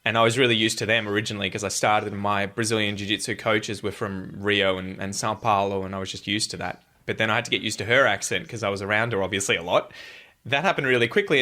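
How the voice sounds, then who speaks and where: A man in his thirties with an Australian accent, chatting casually as a podcast guest and acting out quoted lines with some swearing. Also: on the low side. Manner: animated, swears freely, acts out quotes. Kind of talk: casual chat.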